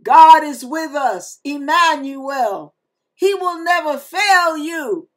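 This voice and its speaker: A woman preaches a devotional message in a high, slow, deliberate voice. She speaks fervently and with emphasis, calling her listeners "y'all" and "you guys." She leans into each phrase as she reads the scripture aloud. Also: lively intonation, a bit bright. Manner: fervent, emphatic, breaks into gospel singing. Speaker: online preacher. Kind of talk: devotional sermon with scripture reading and singing.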